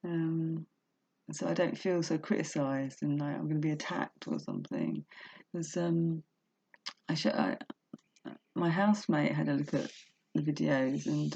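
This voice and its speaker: A woman's voice: low voice, vocal fry, dark tone, slightly rough. A woman talking openly and emotionally in a casual home vlog, reading from a book between chatty asides. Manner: emotional, open, chatty with laughs and self-talk. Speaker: vlogger reading a self-help book aloud. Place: home room. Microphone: laptop webcam mic. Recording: dull lo-fi webcam recording.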